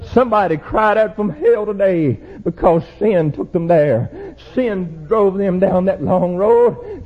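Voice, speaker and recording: Young preacher, husky and a bit high-voiced, building from hushed warnings to shouted calls, on a muffled old recording. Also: male voice. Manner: rises to loud shouted exhortation, drops low and quiet. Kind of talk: sermon. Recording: dull lo-fi church recording.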